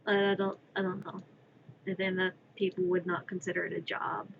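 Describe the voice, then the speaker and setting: A woman's voice: fairly low pitch, level tone, brisk, gravelly, narrow, tinny audio, slight background noise. A woman streaming her crafting, chatting in a rambling, playful way from her own room, sometimes scolding her cat. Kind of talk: casual live-stream chatter.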